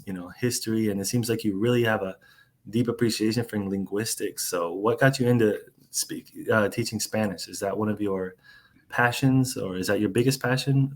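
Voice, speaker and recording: Host: american man, lowish voice, halting casual interviewer, lots of restarts. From United States. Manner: halting, many restarts and fillers.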